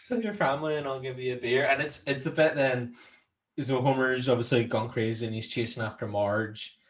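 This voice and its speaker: A man's voice: medium pitch, steady tone, moderate pace. Laughing Northern Irish podcast man. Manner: laughs often, quotes scenes in put-on voices. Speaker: podcast co-host. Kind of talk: casual film chat.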